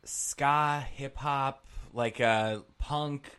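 A man's voice: mid-range voice, very slow, clear, resonant tone. Rambling man on a casual podcast. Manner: rambling, animated storyteller. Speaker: podcast co-host.

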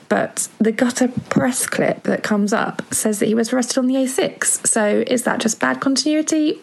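Woman, gravelly, middle pitch, chatty, enthusiastic reviewer. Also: a little mellow, rough recording. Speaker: contributor sending in an episode review. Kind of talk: recorded podcast review segment.

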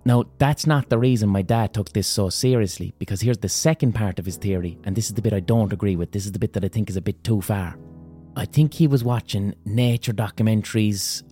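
A man's voice: fairly low pitch, a little fast, warm tone, soft background music. Crude, rambling man telling stories. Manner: rambling, crude, self-amused. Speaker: podcast host. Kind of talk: comic storytelling monologue.

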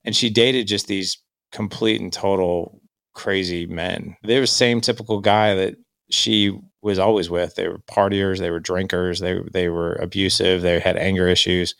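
A man's voice: low-pitched, fairly even intonation, normal speed, fairly bright tone, smooth, dry recording, clean studio sound. A man, candidly telling his life story in a reflective way. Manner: candid, reflective, quotes himself and others. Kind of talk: personal storytelling.

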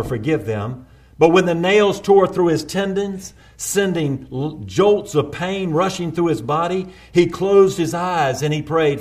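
A male preacher delivering a sermon, building intensity through repeated refrains and slowing down for quoted prayers. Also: a little high.

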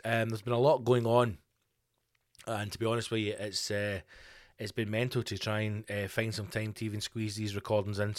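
A man's voice: fairly low pitch, no echo, clean studio sound. A man hosting a solo comedy podcast, ranting with rhetorical questions and swearing freely. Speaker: podcast host. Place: home studio.

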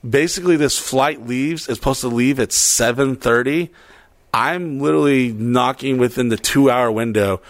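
A man's voice: medium pitch, normal speed, no room sound. A man telling a long story in casual chat, rambling and swearing, acting out what people said. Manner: profane, rambling, animated retelling with quoted voices.

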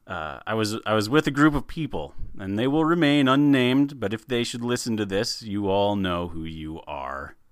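A man co-hosting a podcast in casual chat, animated and laughing, often repeating words as he starts a sentence. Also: on the low side, moderate pace, hardly any pauses, clean tone, no echo. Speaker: podcast co-host.

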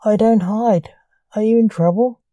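A woman's voice: mid-range voice, unhurried, warm tone, no room sound, highs cut off, natural voice. A woman reading the part of a famous male stage illusionist, defensive and nervous.

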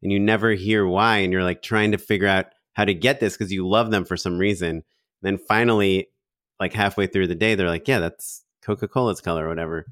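A man hosting a podcast, telling stories in a relaxed way with many fillers. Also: low voice, a little fast, dry recording, studio quality. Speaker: podcast host. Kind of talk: casual podcast chat.

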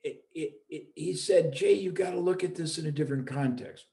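A man's voice: fairly high pitch, a little fast, vocal fry, warm tone. A middle-aged man, a business owner and former seminar leader, talking reflectively in a casual conversation and repeating his points for emphasis. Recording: roomy echo.

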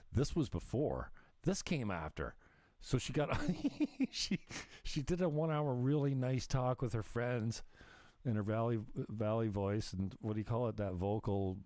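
A man's voice: fairly low pitch, animated, a little slow, darkish tone, dry recording, studio quality. A man hosting a casual livestream where he reacts to clips. He is sarcastic and profane and laughs often. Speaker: livestream commentator.

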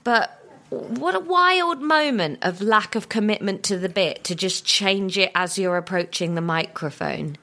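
A woman's voice: mid-range voice, lively intonation, measured pace, bright, forceful tone. A woman co-hosting a podcast, chatting casually in a playful, teasing, giggly way. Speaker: podcast co-host. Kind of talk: casual chat.

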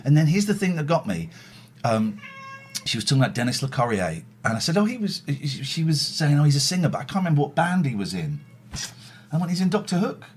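A man's voice: fairly high pitch, sing-song, fast talker, a little hiss or hum. A middle-aged man hosting a casual livestream, telling rambling, self-mocking stories and swearing freely. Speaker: livestream host. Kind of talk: casual chat.

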